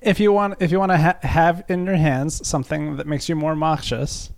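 A man co-hosting a casual podcast, answering with dry, quick quips. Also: fairly high pitch, level tone. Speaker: podcast co-host.

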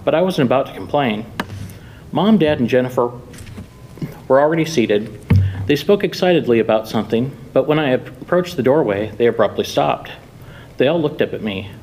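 A man reading his own short story aloud at a live reading, with wry, deadpan humor. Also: medium pitch, a little hiss or hum, rough recording. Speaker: author reading own fiction.

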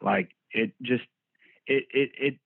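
A man's voice: medium pitch, slow, creaky, slightly rough, dry recording. A man from Texas with a Texan accent, telling stories in a candid, laid-back way and swearing freely during a casual interview. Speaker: band vocalist, podcast guest. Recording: dry tinny phone-like line.

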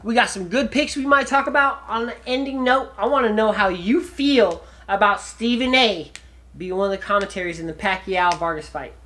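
Upbeat podcast co-host, animated man. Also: high voice, moderate pace. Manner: animated, promotional sign-off delivery. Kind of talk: casual podcast banter.

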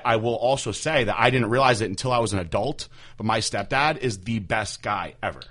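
Bright-voiced man in casual chat. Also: fairly low pitch. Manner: candid, crude storytelling with animated impressions. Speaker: podcast host.

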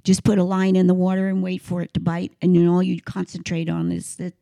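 A woman guest on an interview spinning animated stories, her low voice full of gravel and fry. She stops and restarts mid-sentence as she searches for words, and the sound is dry and close. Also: no room sound. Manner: animated anecdotes, halting restarts. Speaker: guest singer. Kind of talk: casual interview storytelling.

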